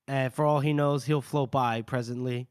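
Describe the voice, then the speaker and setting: A man's voice: mid-range voice, steady tone, darkish tone, clean tone, dry recording, clean studio sound. A man co-hosting a podcast, casually recapping a novel's chapters and slipping into brief character voices with frequent laughs. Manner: retells scenes with quick put-on character lines and laughs. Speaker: podcast co-host. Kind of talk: casual chat recapping a book.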